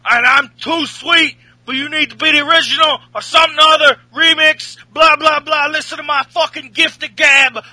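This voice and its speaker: A man putting on a brash male wrestler who boasts in a loud, ranting voice. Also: very high voice, no echo, pitched above the performer's own voice, heavily acted.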